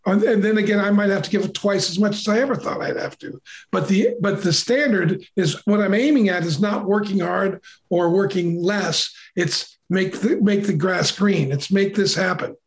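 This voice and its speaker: An older man telling a childhood story in a relaxed, conversational way, acting out the voices of the people he quotes. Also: high-pitched, moderate pace. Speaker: podcast co-host. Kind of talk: casual storytelling.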